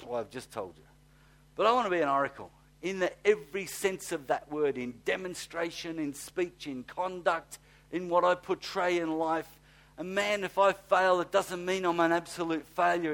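A man preaching a sermon, swinging from hushed, slow reading to fired-up shouting, with blunt, folksy asides. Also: fairly high pitch. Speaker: pastor.

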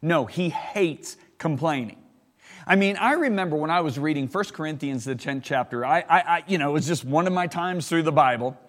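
A middle-aged preacher delivers his sermon with emphasis, stretching out the words that matter and leaping up in pitch when he is stirred. His voice sits a bit high for a man and rings with a long hall reverb. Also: lively intonation, fairly bright tone. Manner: emphatic, slows for key words, bursts up in pitch when worked up.

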